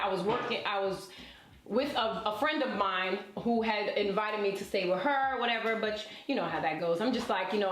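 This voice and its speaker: A woman in her thirties, an interview guest and relationship coach, telling her life story in a lively, colloquial way and talking straight to her listeners. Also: mid-range voice, a little hiss or hum. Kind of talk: personal storytelling in conversation. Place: indoor event space. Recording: roomy echo.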